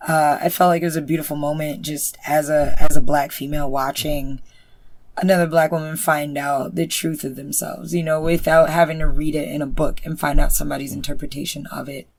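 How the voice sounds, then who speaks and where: A young woman talks through a review as a podcast co-host, animated and loose, with plenty of filler words. Her voice has a gravelly, fry-laden texture. It sits close and dry on the mic. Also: deep voice, fairly quick, dry recording. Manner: animated, uses many fillers. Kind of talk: casual review chat.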